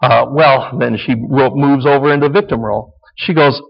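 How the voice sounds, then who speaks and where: A man's voice: mid-range voice, normal speed, creaky, few pauses. Folksy male preacher in a reverberant hall. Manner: conversational, folksy, frequent "okay?" check-ins. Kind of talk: teaching sermon. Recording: dull lo-fi sound with long hall reverb.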